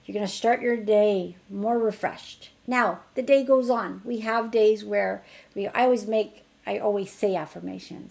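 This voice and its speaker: Gravelly-voiced woman teaching energy technique. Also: mid-range voice, fairly even intonation, a little slow, darkish tone. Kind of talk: casual online teaching demonstration.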